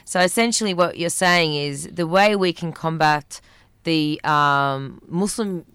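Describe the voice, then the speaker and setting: A woman moderating a panel, asking probing questions and summing up points. Her voice is a little low in pitch, smooth and clear, recorded dry and close. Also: a little slow, fairly bright tone, no echo. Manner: probing, steering questions, hedging. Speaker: interviewer and moderator. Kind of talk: panel discussion interview.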